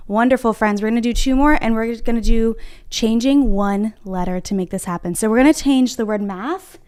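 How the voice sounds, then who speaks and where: A young woman teaching a livestreamed phonics lesson to small children, her voice smooth, resonant and a little high. She sounds out letters slowly and clearly and keeps cheering the children on. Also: darkish tone. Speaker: kindergarten reading teacher. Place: home room at a whiteboard.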